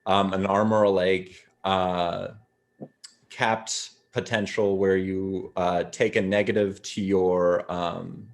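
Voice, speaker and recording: A man's voice: deep voice, level tone, slow, gravelly. A man running a tabletop game over a video call, explaining rules in a loose, rambling way. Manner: rambling, many fillers while explaining rules. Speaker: game master. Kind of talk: casual actual-play game talk.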